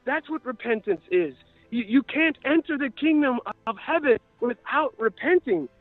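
A man's voice: very high voice, animated, moderate pace, no echo, faint music behind. A man preaching a sermon with passion, building to fervent cries. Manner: impassioned, rises to crying out. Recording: tinny radio broadcast.

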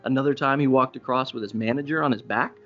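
A male pastor preaching a sermon in a relaxed, chatty storytelling manner, jumping up in pitch when he stresses a point. His voice sits in a middle range and the recording sounds a bit dull, with faint music under it. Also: fast talker. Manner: conversational storytelling preacher, animated rises for emphasis.

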